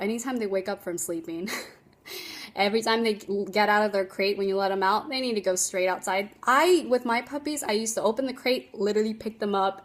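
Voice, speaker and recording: A woman dog trainer giving casual tips on a phone livestream, chatty and emphatic, laughing often. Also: medium pitch.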